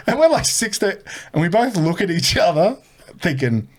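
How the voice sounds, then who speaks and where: A man's voice: on the high side, unhurried, long pauses. A young man telling a story as a podcast guest, swearing freely and acting out the people in it. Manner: animated, swearing, acts out the people in his story. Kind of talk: casual storytelling.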